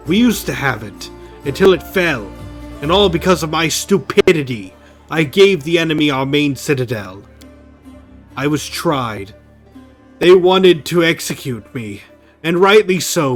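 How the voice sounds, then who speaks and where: A man reading aloud as a gloomy, guilt-ridden disgraced male crusader in a video game, in a weary, heavy tone. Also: fairly high pitch.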